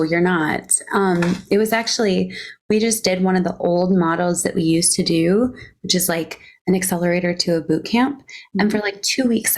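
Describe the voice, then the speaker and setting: A woman guest talks openly about her work and life in a casual interview. She speaks frankly and laughs easily between thoughts. Her voice is a little lower than most women's. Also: a little mellow. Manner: candid, laughs often, frank. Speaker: guest entrepreneur.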